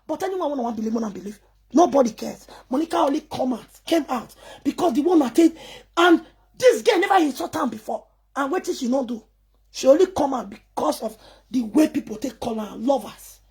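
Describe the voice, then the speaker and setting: A woman's voice: high voice, animated, a little fast, a little mellow. A woman with a Nigerian Pidgin accent, scolding and ranting defiantly to camera in an emphatic, repetitive way. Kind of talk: angry rant to camera.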